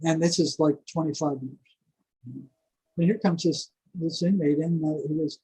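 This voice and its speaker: An older man telling a long story in a rambling, animated way, full of fillers and asides. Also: fairly high pitch, measured pace, slightly rough, rough recording. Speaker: guest, former prison psychology worker. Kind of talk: casual storytelling interview.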